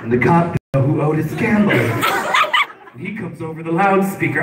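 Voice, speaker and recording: A man doing stand-up, telling a story in an animated way and laughing through his own lines at a live venue. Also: on the high side, moderate pace, heavy background noise. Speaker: stand-up comedian. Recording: echoey room, distant mic, loud clicks.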